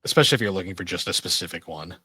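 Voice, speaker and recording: Low-voiced man in casual podcast chat. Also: animated, rapid-fire, pushed and bright, slightly rough, dry recording. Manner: rambling, swears casually. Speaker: podcast co-host.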